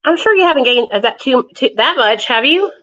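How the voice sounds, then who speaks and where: A woman's voice: sits high, animated, moderate pace, fairly bright tone, muffled recording. Chatty woman on a phone livestream. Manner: chatty, talks straight to viewers, swears freely. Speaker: livestream host. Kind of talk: casual live chat.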